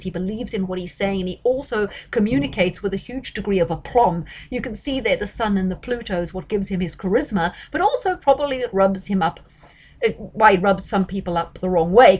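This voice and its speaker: A woman's voice: medium pitch, a little mellow. Chatty woman giving astrology commentary. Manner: chatty and emphatic, with frequent fillers and self-corrections.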